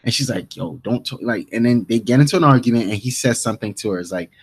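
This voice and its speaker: A man's voice: mid-range voice, fast, husky. A man co-hosting a podcast, casually recapping a TV episode and talking through the scenes with many restarts. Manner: rambling recap with quoted lines and many restarts. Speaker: podcast co-host.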